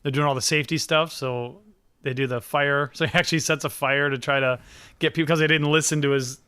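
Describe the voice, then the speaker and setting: A man co-hosting a casual podcast chat, laughing often and retelling TV scenes with quick quoted voices, swearing now and then. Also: on the high side, steady tone, bright, forceful tone, clear, resonant tone, dry recording. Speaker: podcast co-host.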